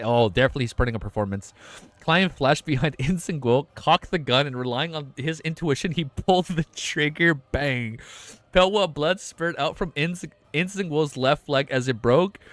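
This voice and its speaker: A young man live-streaming, reading a novel aloud and breaking into excited, swearing reactions. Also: on the high side, dry recording. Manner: excitable, swears, laughs and shouts in reaction to the story.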